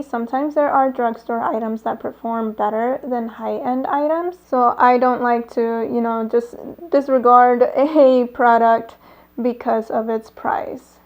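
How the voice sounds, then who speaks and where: A woman talking through a casual makeup tutorial at home, chatty, with lots of fillers and little laughs. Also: a little high. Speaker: beauty vlogger. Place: home, airplanes passing nearby.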